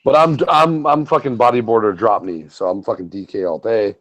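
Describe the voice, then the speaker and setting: A man telling stories in casual profane chat, animated and full of swearing. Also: fairly low pitch, brisk. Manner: animated storyteller, swears a lot. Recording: muffled lo-fi audio.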